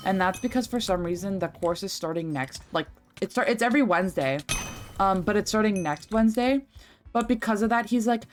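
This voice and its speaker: A young adult woman streaming a game, chatting casually in a rambling, filler-heavy way and swearing freely. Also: lowish voice. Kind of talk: casual gaming stream chat. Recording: faint game music behind. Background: faint game music.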